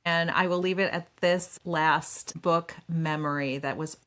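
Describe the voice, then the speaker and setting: A woman around fifty co-hosting a book podcast, telling stories in a lively, chatty way and acting out her own quotes. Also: deep voice, unhurried. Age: about 50. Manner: animated storyteller, acts out quotes. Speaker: podcast co-host. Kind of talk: casual book chat.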